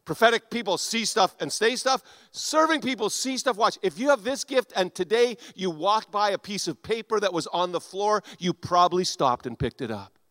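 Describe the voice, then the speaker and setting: This pastor's sermon comes at a moderate pace in a slightly high male voice, captured close and dry with no echo. He shifts energetically between forceful declarations and hushed asides, imitating the people he quotes.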